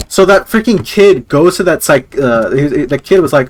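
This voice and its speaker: A man's voice: fairly high pitch, animated, normal speed, hardly any pauses. A man streaming live, rambling casually with lots of fillers and chuckles.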